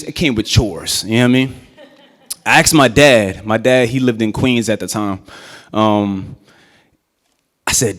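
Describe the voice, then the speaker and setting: A young adult man performing spoken word live in a church, moving from conversational storytelling into chanted, shouted verse. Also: lowish voice, moderate pace. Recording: echoey church hall.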